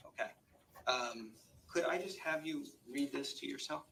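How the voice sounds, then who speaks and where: Male lawyer, methodical cross-examiner, steady mid voice, light background hiss. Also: medium pitch, vocal fry, rough recording. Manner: measured, methodical questioning with hesitations. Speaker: trial attorney. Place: courtroom.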